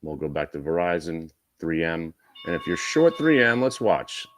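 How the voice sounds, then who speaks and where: A man's voice: low-pitched, big pitch swings, moderate pace, a little hiss or hum. A man hosting a live stock trading room, coaching viewers directly on entries and stops with wry asides. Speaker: day trading host.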